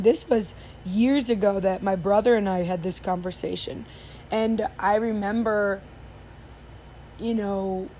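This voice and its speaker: Woman podcaster just chatting, rambly story, lots of likes and you knows, mid pitch, faint hum behind. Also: a little mellow. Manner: rambling, chatty, many fillers and restarts. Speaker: podcast host. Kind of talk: casual storytelling monologue.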